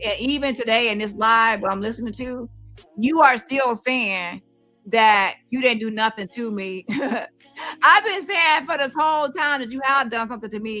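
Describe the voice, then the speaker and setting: Blunt scolding woman with bright voice. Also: fairly high pitch. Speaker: commentary YouTuber. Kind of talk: casual commentary.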